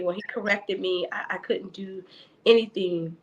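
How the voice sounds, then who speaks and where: A woman's voice: mid-range voice, fairly even intonation, takes it slowly, low-quality recording. A woman guest talking earnestly and openly about faith and caring for her mother, often repeating words as she searches for them. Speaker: podcast guest. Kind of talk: casual faith conversation.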